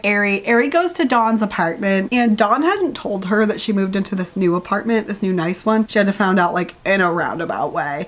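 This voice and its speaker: A young woman casually recapping a book in a sarcastic, chatty rant review. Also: medium pitch.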